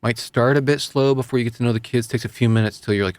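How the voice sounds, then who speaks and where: A man in middle pitch talks earnestly and a little ramblingly, often poking fun at himself. His voice is close and dry, with no room sound around it. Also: fairly even intonation, fast talker, darkish tone, dry recording. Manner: earnest, rambling, self-deprecating. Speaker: radio host. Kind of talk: casual chat.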